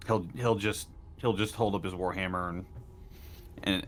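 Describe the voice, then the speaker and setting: A man's voice: deep voice, fairly even intonation, normal speed, a little hiss or hum. A man playing a tabletop game who makes brief, dry remarks. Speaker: player. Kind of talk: casual tabletop game chat.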